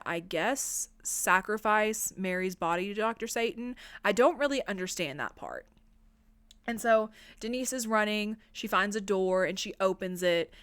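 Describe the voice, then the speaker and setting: Chatty, profane woman with a smooth voice. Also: medium pitch, fairly bright tone, no echo. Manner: chatty, profane, lots of "like" fillers. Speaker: podcast host. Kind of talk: casual film recap.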